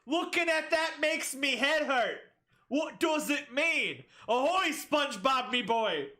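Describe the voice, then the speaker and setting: A woman's voice: high voice, animated, slow, bright, forceful tone, voice pushed up, exaggerated voice. A woman doing a goofy pirate-talking girl. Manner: cartoonish pirate slang, goofy. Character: gruff pirate-talking teenage girl heroine.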